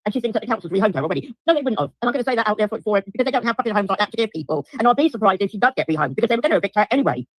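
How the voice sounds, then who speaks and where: A woman's voice: mid-range voice, expressive, rapid-fire, few pauses, no echo. A middle-aged woman, ranting angrily on a livestream, swearing constantly and repeating herself while answering viewers. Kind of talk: angry livestream rant to viewers.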